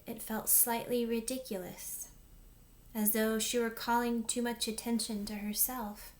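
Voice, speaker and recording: A woman teacher reading a chapter book aloud to her class in an expressive storytelling manner. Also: on the high side.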